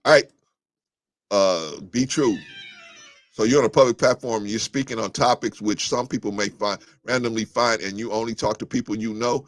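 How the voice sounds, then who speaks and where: A man's voice: mid-range voice, moderate pace, no echo. A man hosting a live talk show, reading viewer comments aloud and answering them bluntly, with many restarts and fillers. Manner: blunt and combative, rising sharply when heated. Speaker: livestream show host.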